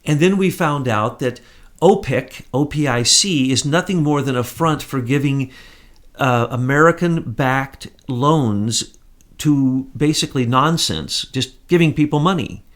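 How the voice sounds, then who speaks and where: A man's voice: mid-range voice, a little slow. Emphatic, rambling male commentary host. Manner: emphatic, animated, with rambling asides and direct address to viewers. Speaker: host of an online commentary show. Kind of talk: casual conversational commentary.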